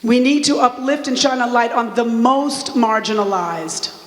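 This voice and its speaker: A woman activist giving an impassioned rally speech with call-and-response chants, stretching out key words for emphasis. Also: on the high side. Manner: fervent, chanting, drawn-out emphatic phrases. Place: large church sanctuary with an audience. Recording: echoey church hall with long reverb.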